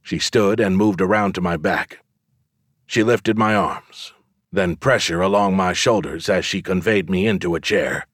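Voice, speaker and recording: Deep-voiced male audiobook narrator. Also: fairly bright tone, slightly rough, no room sound, studio quality. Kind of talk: first-person audiobook narration.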